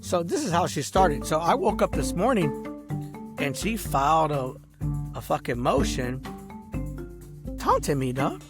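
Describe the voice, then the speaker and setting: A man's voice: fairly high pitch, big pitch swings, unhurried, pauses often, music in the background. A man in a rambling, angry vlog rant, boastful, smoking a cigar as he talks and saying "bro" and "dog" at every turn. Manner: smoking a cigar while talking. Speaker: vlogger.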